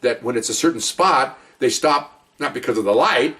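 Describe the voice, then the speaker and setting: A man's voice: medium pitch, lively intonation, normal speed, sharp tone, distant mic. A middle-aged man who is a police officer, telling his own stories in a rambling, chatty way full of asides. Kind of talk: casual spoken storytelling.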